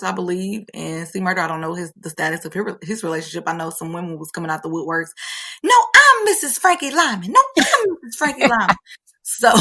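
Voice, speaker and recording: A woman's voice: mid-range voice, creaky, sharp tone. A woman co-hosting a podcast in casual chat, easygoing and chatty, laughing along. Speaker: podcast co-host.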